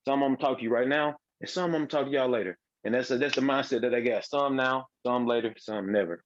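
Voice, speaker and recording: A man sharing his experience on a casual call, talking in a rambling, halting, folksy way. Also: mid-range voice, dry recording, muffled recording. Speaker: team member sharing on a call. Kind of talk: casual chat.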